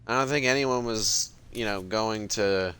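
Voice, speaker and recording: A man's voice: on the low side, unhurried, pushed and bright, clear, resonant tone. A man casually talking while playing a video game, rambling with lots of fillers and cursing freely. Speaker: gaming streamer. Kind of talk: casual let's-play commentary.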